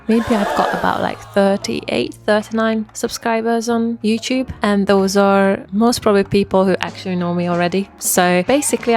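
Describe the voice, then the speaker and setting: A woman's voice: mid-range voice, darkish tone. A woman from Hungary with a Hungarian accent, chatting casually and self-deprecatingly, with plenty of "like", in a get-to-know-me vlog. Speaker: vlogger.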